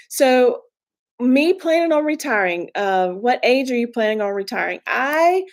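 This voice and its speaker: A woman's voice: mid-range voice, a little mellow. A woman in her fifties hosting a casual live stream, chatty and earnest, rambling with fillers and restarts as she encourages her viewers. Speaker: YouTube channel host. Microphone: webcam or phone live stream.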